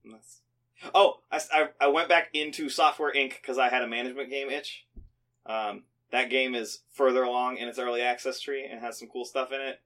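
A young man chatting casually as a podcast co-host, telling animated stories, swearing often and laughing. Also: medium pitch, fairly quick. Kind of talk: casual chat.

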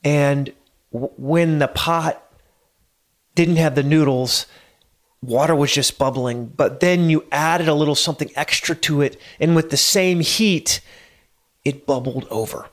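A man's voice: on the high side, measured pace. A middle-aged man hosting his own podcast, telling a story in a loose, conversational way with small chuckles and hesitations. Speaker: podcast host. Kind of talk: solo podcast monologue. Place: home studio.

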